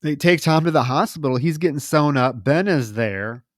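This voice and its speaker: A man co-hosting a podcast, recapping a film plot in a casual, animated way. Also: fairly high pitch, normal speed, no echo, clean studio sound. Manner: animated retelling with lively emphasis. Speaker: podcast co-host.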